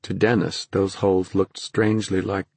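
Deep, husky male audiobook narrator. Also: level tone, a little mellow, dry recording. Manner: measured, dramatic storytelling. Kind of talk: scripted fantasy narration.

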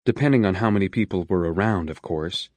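A man reading an audiobook in a measured, steady storytelling manner on a close studio mic. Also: deep voice, no room sound. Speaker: audiobook narrator. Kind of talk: scripted narration.

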